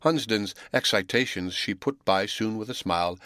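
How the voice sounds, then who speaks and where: A man reading a classic novel aloud as audiobook narrator, in a measured, even storytelling manner. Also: lowish voice, clean tone, no room sound, studio quality.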